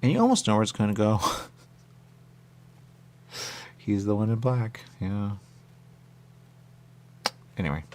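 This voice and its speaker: A man's voice: fairly low pitch, lively intonation, slow, pauses often, darkish tone, a little hiss or hum. A man hosting a radio show, chatting casually and rambling to himself as he plays a game. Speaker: radio host.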